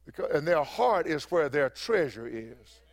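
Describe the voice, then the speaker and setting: A man's voice: on the high side, sing-song, measured pace. A man preaching a sermon as pastor, emphatic and repeating phrases for effect.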